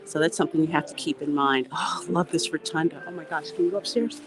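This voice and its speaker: A woman hosting a casual, educational walking livestream, chatty and animated as she greets viewers. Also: low-pitched, quick pace, soft background music, rough recording. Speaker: livestream host.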